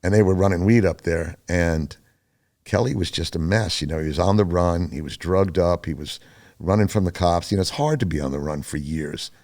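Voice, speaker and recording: In a low voice at a fairly quick clip, an older man recounts his story as a podcast guest. He's loose and chatty, stumbling into restarts and fillers, and animatedly performs other people's words in a raised voice as he rambles.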